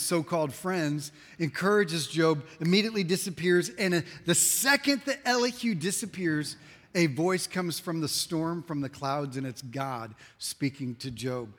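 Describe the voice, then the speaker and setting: Male pastor, high voice, emphatic animated sermon delivery, hall reverb. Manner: emphatic, animated storytelling with quick asides.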